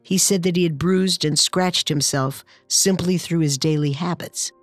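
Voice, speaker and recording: Low-voiced woman narrating true crime. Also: unhurried, no echo, faint music behind.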